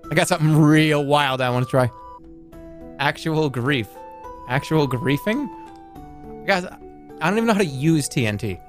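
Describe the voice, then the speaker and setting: A man streaming a game, chatting casually and joking as he reacts out loud to what happens. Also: a little high. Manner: playful, jokey, reacts out loud, swears. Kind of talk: casual live-stream gameplay commentary.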